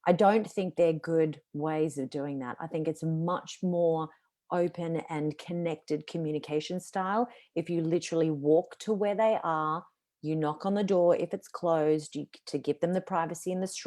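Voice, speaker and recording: A woman in her forties talks about vocal tone with confident emphasis. Her voice sits low for a woman. She speaks in a casual live video chat. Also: mellow. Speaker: guest, voice and communication coach.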